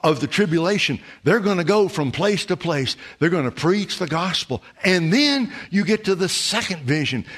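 A male preacher delivering a sermon with slides, speaking with passion and building into long, rapid lists. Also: a little high, fairly bright tone.

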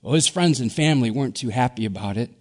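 A middle-aged pastor from Wisconsin preaching a sermon, earnest, often sinking to a hushed soft emphasis. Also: male voice, mid-range voice, animated, fast. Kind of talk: Easter sermon.

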